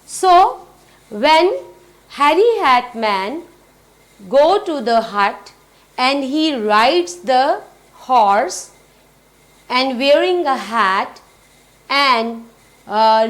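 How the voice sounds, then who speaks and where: A woman's voice: high-pitched, expressive, fairly bright tone. A woman teaching children a phonics lesson, asking questions and answering them herself, with much repetition. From Pakistan. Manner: slow, repetitive, asks and answers own questions.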